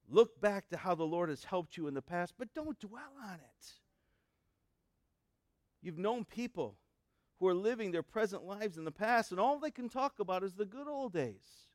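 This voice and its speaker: A man's voice: high voice, lively intonation, normal speed, dry recording, clean studio sound. A middle-aged man preaching a conversational sermon, asking the congregation questions with many fillers and restarts. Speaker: pastor. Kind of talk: sermon with a told joke.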